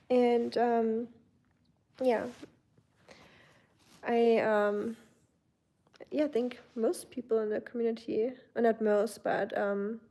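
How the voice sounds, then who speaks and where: German woman chatting on a livestream. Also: on the high side. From Germany, Baden-Württemberg. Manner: chatty, warm greetings to viewers, many fillers. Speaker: livestream host. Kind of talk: casual chat reading viewer comments. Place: home.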